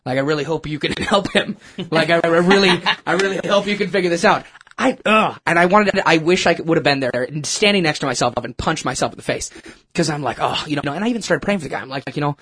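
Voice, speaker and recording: A man telling a personal story in a casual, animated, self-mocking way, with lots of restarts. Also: fairly high pitch, fast, slightly rough. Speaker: churchgoer sharing a testimony.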